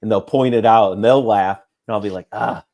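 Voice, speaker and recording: A man's voice: fairly low pitch, brisk, dark tone. A man from California with a Minnesotan accent, a podcast guest speaking in a wry, self-deprecating way. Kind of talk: casual chat.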